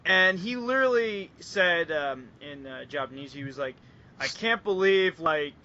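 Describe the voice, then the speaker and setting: A young man from Canada chatting on a podcast over an online call, his high voice sharp and bright. He rambles through stories full of fillers and giggles. The sound is dull and lo-fi. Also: lively intonation, a little slow. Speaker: podcast co-host. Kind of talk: casual podcast chat.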